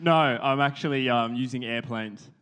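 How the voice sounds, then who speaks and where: An Australian man, an audience member brought onstage at a live podcast, chatting in a relaxed, joking way. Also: mid-range voice, normal speed.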